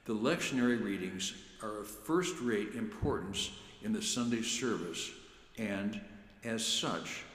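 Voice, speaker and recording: Male church lector, measured and deliberate, low voice, roomy reverberant sound. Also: fairly bright tone. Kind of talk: prepared talk on reading scripture aloud. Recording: echoey room with long reverb.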